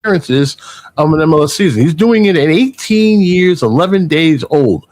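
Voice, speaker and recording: A man's voice: fairly high pitch, animated, normal speed, a little mellow. A man hosting a casual sports podcast, rambling with many fillers and restarts as he reads out stats. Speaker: podcast host.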